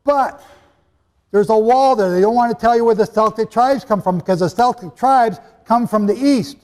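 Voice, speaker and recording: Male preacher, high pitch, animated conversational sermon, long hall reverb. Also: moderate pace. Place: hall with a live audience.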